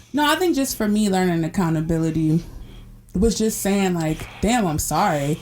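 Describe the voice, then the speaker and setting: Low-voiced woman chatting, blunt and giggly. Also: slight background noise. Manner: candid, profane, laughs often. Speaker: podcast co-host. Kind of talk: casual chat.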